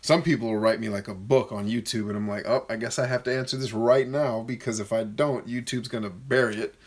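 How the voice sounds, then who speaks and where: Blunt joking man answering live chat. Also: steady tone. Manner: blunt, joking, reads viewer comments aloud; mocks shrill voices in quick bursts. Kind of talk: casual live-stream Q&A.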